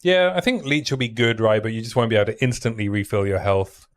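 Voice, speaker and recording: A man's voice: fairly low pitch, fast talker. A man streaming a game in a casual, chatty way, thinking aloud and reading out item stats as he plays. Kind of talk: casual gaming stream commentary.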